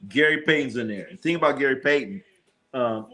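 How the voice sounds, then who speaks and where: A man hosting a casual live sports stream, telling animated stories in a slangy way and swearing freely. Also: medium pitch, fast. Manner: animated storytelling, acts out his own lines.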